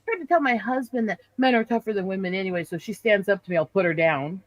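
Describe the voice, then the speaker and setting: A woman hosting a live stream, telling a story in an indignant, animated way. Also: medium pitch, fast talker, dry recording, highs cut off. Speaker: livestream host. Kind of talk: casual chat.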